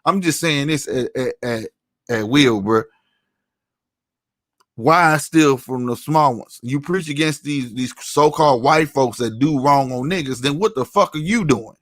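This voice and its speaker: A man's voice: mid-range voice, unhurried, no room sound, clean studio sound. A man giving a heated commentary rant, angry and profane, often tossing in "you know what I'm saying". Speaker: online commentator.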